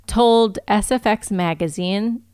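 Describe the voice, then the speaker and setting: Woman, podcast co-host, casual chat, chatty, filler-heavy, smooth clear voice, dry close sound. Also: medium pitch, slow pace, a little mellow, no echo.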